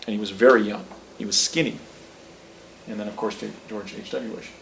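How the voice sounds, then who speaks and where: A man's voice: on the low side, fairly even intonation, fairly quick, creaky, fairly bright tone, poor audio. Rambling middle-aged man giving a presentation. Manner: rambling, many restarts. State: a little out of breath. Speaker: speaker recounting personal claims. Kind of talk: presentation with slides.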